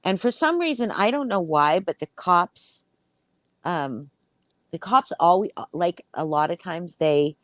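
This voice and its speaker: A woman with a low voice recounts a story in loose, casual chat. She swears constantly and talks with lively, animated energy. The sound is dry and close. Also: a little slow, no echo. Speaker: podcast host.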